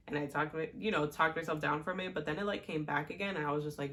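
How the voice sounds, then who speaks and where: Chatty young woman with a low voice. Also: fairly even intonation, fast, hardly any pauses, a bit bright. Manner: chatty, many fillers and laughs. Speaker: podcast host. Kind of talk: casual personal storytelling.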